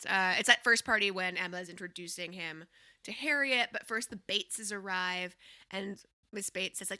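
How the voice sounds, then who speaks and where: A woman's voice: medium pitch, sharp tone. A woman guest chatting casually on a podcast, rambling with many fillers.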